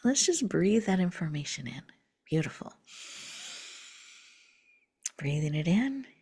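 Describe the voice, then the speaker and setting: A woman host leads a guided breathing meditation, her low voice soft and unhurried. She often slips into breathy half-whispers, and a gravelly edge runs through her tone.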